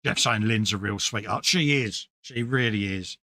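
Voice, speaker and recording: A man's voice: on the low side, normal speed, sharp tone, no room sound. A British man co-hosting a casual late-night chat, bantering and telling stories with acted-out quotes. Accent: British English. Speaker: co-host.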